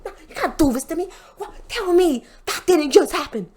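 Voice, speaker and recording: A woman's voice: extremely high pitch, expressive, moderate pace, darkish tone, pitched above the performer's own voice. A woman voicing an angry, boastful male wrestler who sputters and repeats himself. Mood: outraged.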